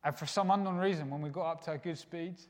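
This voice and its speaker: A man preaching a sermon in an earnest way, dropping to hushed lines and rising for emphasis. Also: fairly high pitch, fast talker. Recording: long reverb of a hall.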